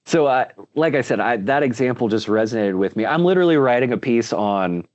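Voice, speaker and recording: A man's voice: medium pitch, expressive, fairly quick, a little mellow, dull audio. A man speaking as a guest in a casual interview, earnest and full of restarts. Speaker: podcast guest, author.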